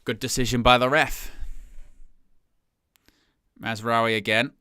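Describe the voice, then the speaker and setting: A young man hosting a live fan commentary of a match, talking casually and jumping from quiet asides to loud excited shouts. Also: medium pitch, slow, clean tone, no room sound, studio quality. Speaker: fan watch-along host.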